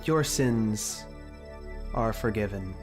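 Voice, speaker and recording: A man's voice: on the low side, a little mellow, faint music behind. Solemn disembodied voice, as a man puts it on. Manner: grave, measured pronouncements.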